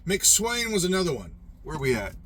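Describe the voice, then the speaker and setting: A man's voice: high voice, sing-song, normal speed, a bit bright, slight background noise. A man ranting in a profane, rambling monologue about his service days.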